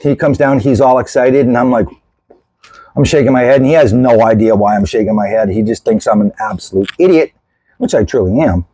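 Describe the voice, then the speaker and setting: A man in casual storytelling mode as host of his own video channel, animated and self-mocking, and sick with a lung infection. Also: medium pitch, fairly quick, slightly rough, no echo, rough recording. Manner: animated, self-mocking, gestures while telling.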